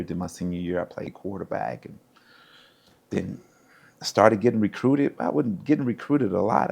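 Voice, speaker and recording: Middle-aged guy from the states, gravelly lowish voice, tells stories with lots of acted-out quotes. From United States. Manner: animated storyteller, acts out quoted voices. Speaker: interview guest, former pro football player. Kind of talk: casual storytelling.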